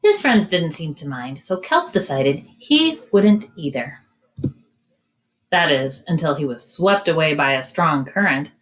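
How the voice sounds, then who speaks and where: A woman in her forties leading a children's storytime, talking gently in a sing-song way and reading a picture book aloud. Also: low-pitched, sing-song, measured pace, slight background noise, poor audio. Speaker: children's librarian. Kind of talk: storytime reading and singing for kids.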